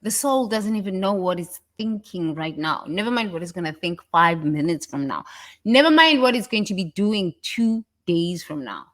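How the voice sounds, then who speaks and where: A woman giving a casual motivational talk, animated and laughing often, breaking into mocking impressions. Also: normal speed. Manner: animated, laughs often, mimics others in high voices. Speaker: self-help speaker.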